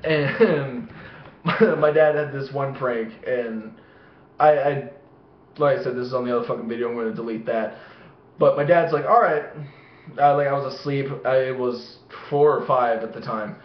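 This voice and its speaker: A young man vlogging, telling rambling personal stories with constant swearing and animated voices. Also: medium pitch, moderate pace. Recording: echoey room, dull lo-fi sound.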